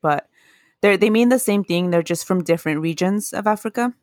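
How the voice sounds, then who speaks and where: A woman's voice: medium pitch, a little fast, no room sound, studio quality. A woman casually telling folklore history in a podcast chat, earnest and laughing at her own mispronunciations. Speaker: podcast co-host.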